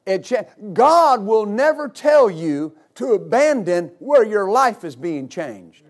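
A middle-aged male pastor giving a sermon, telling stories with loud exclamations and laughter. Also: high-pitched, sing-song, slow.

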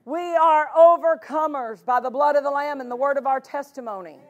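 A woman's voice: high voice, fairly quick, highs cut off. A woman pastor preaching a sermon, stressing and repeating key phrases with emphatic conviction.

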